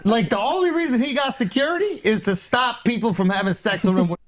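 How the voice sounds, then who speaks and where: High-pitched guy cracking crude jokes, banter with buddies. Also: a little fast. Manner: crude, joking, laughing with co-hosts.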